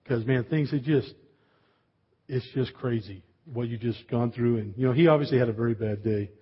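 Husky-voiced pastor telling a story. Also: male voice, mid-range voice, moderate pace, highs cut off. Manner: storytelling with humor and asides. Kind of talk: sermon.

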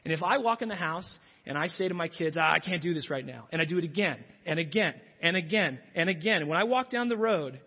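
Animated, high-voiced male pastor. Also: brisk, few pauses, breathy edge. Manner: emphatic, repetitive, animated preaching. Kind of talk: sermon. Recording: dull recording in a big reverberant hall.

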